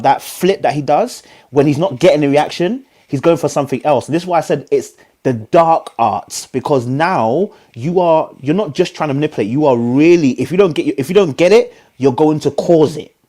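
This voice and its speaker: A man hosting a podcast in casual chat over an online call, animatedly acting out dialogue as he talks. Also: fairly high pitch. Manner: animated, acts out dialogue in quotes. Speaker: podcast host.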